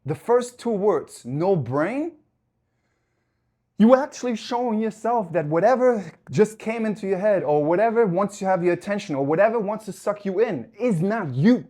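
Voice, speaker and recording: A life coach delivers a fervent motivational talk between sets at the gym. The voice sits at a middle pitch, pushing hard on key points and swearing for emphasis. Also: animated, moderate pace, mellow. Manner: talks while working out at the gym.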